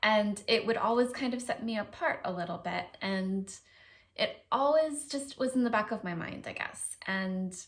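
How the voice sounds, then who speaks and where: An American woman talking to her viewers in a relaxed vlog. Her voice sits at an ordinary middle pitch and she speaks in a loose, conversational way. She is chatty and a little self-deprecating, hedging often as she goes. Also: moderate pace. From United States. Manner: chatty, self-deprecating, frequent hedges and laughs. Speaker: vlogger. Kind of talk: casual vlog chat.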